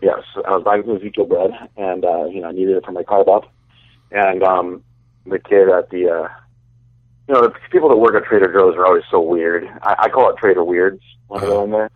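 A man's voice: low voice, steady tone, brisk, no room sound. Tinny phone-line man, rambling. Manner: rambling, hesitant storyteller. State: low-energy from dieting. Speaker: podcast co-host. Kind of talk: casual chat.

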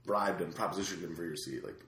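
A man co-hosting a podcast, chatting casually with quick jokey reactions. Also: low voice, a bit bright. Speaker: podcast co-host. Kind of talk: casual chat. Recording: roomy echo.

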